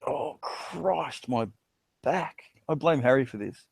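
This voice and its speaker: A man's voice: mid-range voice, expressive, slow, creaky, breathy edge, no room sound. A man with an Australian accent, chatting casually and rambling, with crude jokes. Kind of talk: casual chat.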